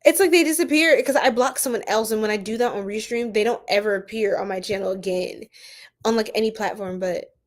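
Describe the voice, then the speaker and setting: A woman giving a casual live-stream tarot reading, chatty and animated, saying "like" often and talking to her viewers in the chat. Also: medium pitch, fairly quick.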